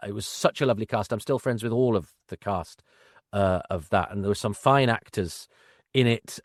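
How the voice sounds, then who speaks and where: A man's voice: on the low side, no room sound, studio quality. Wry, self-deprecating man telling stories. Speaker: podcast guest, actor. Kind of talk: conversational anecdote-telling.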